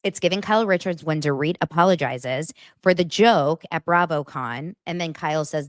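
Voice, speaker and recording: A woman's voice: low voice, moderate pace, hardly any pauses, dry recording, clean studio sound. A woman hosting a podcast, recapping reality TV in a sarcastic, exasperated way. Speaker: podcast host.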